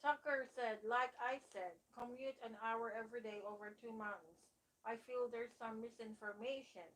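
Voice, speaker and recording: Brief: female co-host, fairly high voice, reads comments aloud, asks naive blunt questions. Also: moderate pace, fairly bright tone, rough recording. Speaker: co-host reading viewer comments. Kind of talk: casual live chat reading comments aloud.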